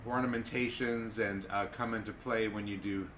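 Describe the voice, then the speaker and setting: A man teaching darbuka rolls in a live lesson, explaining in a relaxed, halting way with fillers and chanting drum syllables. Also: lowish voice, a little hiss or hum. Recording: echoey room with loud drumming. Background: darbuka drumming.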